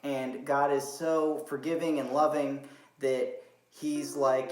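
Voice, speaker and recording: Animated young man retelling a story, echoey room. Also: medium pitch, takes it slowly. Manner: animated storyteller who acts out quotes and swears casually. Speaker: podcast co-host. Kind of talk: casual podcast discussion. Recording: echoey room with faint music.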